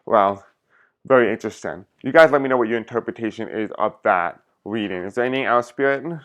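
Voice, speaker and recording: A man's voice: medium pitch, fast, fairly bright tone. A man talking casually to his viewers as a tarot reader, speaking directly to them. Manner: chatty, addresses viewers directly. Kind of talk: casual vlog talk to viewers.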